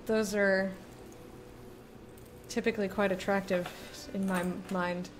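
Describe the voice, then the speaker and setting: Woman streamer, casual chat with viewers, chatty, lingers on words, mid pitch. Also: flat delivery, takes it slowly, a little hiss or hum. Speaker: game streamer.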